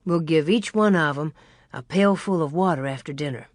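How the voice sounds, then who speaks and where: A woman voicing a calm pioneer father in an audiobook, speaking low and firmly. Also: normal speed, no room sound, studio quality, natural voice. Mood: reassuring. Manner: low, firm, reassuring. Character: steady pioneer father, grown man, calm.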